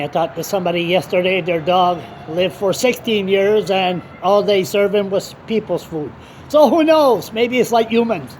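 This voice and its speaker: A high-voiced male blogger speaks directly to the camera in a loose, unscripted monologue, blunt and quick to curse. He wanders between telling his story and talking to his dog, while traffic hums faintly behind him.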